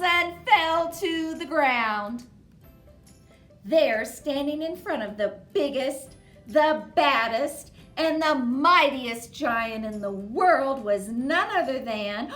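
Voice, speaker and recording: Woman, children's librarian, storybook read-aloud, high and lively, slow, echoey room. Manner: expressive, slow and dramatic. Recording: roomy echo.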